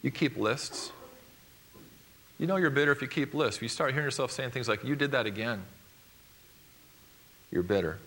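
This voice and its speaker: Bright-voiced preacher guy, emphatic, loud then hushed, mid pitch. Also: expressive, brisk, pauses often, a little hiss or hum. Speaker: pastor. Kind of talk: sermon.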